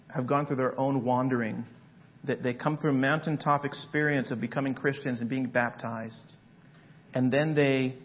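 A man preaching a sermon as pastor, dramatic and swinging from loud passages to hushed ones. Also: mid-range voice, highs cut off.

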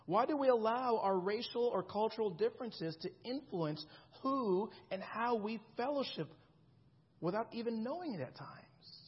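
A man's voice: high-pitched, breathy edge, muffled recording. A man in his thirties preaching a sermon in a conversational way, often checking in with the congregation. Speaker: pastor.

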